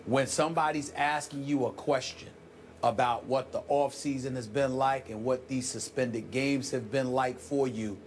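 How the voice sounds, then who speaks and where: A man co-hosting a sports debate show in a TV studio, talking forcefully and building emphasis while a little under the weather. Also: medium pitch, steady tone, moderate pace, slight background noise. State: sick, clears throat.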